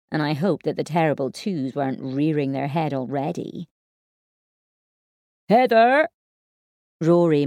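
A woman narrating a first-person story in an expressive, wry manner. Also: low voice, dry recording, clean studio sound. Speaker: audiobook narrator.

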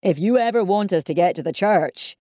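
A woman's voice: fairly low pitch, lively intonation, a little fast, warm tone, no room sound, studio quality, natural voice. A woman doing an impatient young farmer. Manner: impatient, calling out. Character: hurried young farmer boyfriend.

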